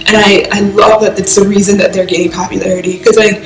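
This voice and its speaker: A woman's voice: medium pitch, level tone, fast talker. A young woman from the US East Coast rambling through an emotional reaction vlog, filling her talk with "like". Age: young adult. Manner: rambling, heavy use of "like", emotional. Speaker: vlogger reacting to music. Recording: echoey room.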